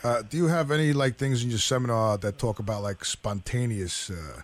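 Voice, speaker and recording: A man's voice: medium pitch, normal speed. A middle-aged man in an audience chatting casually, telling a crude story in a rambling way. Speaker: audience member. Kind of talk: casual chat.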